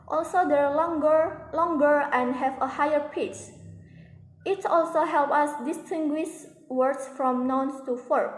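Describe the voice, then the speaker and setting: A young woman student reading a class presentation slowly and carefully, with a few restarts. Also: high voice. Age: young adult. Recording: echoey room with long reverb.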